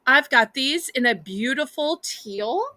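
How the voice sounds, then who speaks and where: A woman's voice: high-pitched, lively intonation, unhurried, pushed and bright, dry recording. A woman with a Southern US accent hosting a live home-shopping auction, chatty and sweet, calling the viewers y'all.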